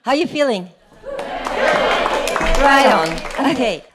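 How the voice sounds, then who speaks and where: Lively woman host over crowd noise. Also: high-pitched, extremely slow. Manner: upbeat, playful. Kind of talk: casual emcee remarks. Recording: noisy room with audience chatter.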